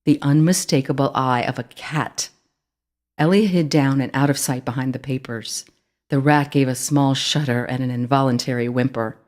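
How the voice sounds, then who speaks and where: Steady children's audiobook narrator. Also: medium pitch, normal speed. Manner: clear, steady read-aloud storytelling. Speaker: author reading own book.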